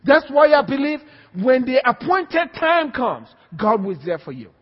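A man's voice: very high voice, big pitch swings, a little slow. A man preaching a sermon with emphatic repetition and call-and-response to the congregation. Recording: dull, echoey hall recording.

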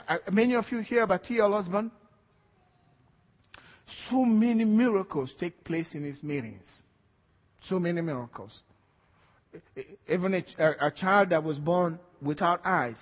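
A man preaching a sermon with passion, building up to shouts as he reads scripture. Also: sits high, breathy edge, big-room sound, dull audio. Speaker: pastor.

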